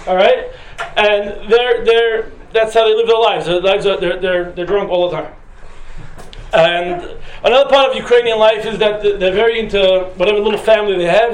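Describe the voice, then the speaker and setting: A man's voice: high-pitched, fairly quick. A man teaching a class who tells a personal story in a casual, humorous, chatty way with fillers. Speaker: Torah teacher. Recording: roomy echoing room with faint noise.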